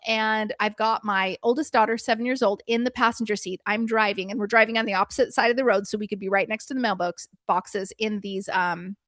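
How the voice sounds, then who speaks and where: A middle-aged woman presenting a workshop as a preschool business coach. She tells stories in an animated way and acts out her own past reactions. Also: fairly high pitch, no room sound, studio quality.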